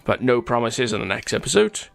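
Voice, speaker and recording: A man's voice: medium pitch, big pitch swings, a little fast, vocal fry, a bit bright. A man hosting a gaming channel, chatting casually over gameplay as he reads out viewer comments, often stumbling over names and laughing.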